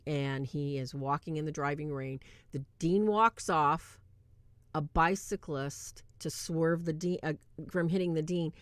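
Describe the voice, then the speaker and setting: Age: adult. Sex: woman. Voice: low-pitched, chatty. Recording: dry. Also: dry recording. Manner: chatty, retells scenes excitedly, checks the live chat. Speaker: host reviewing a movie. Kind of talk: casual livestream movie review.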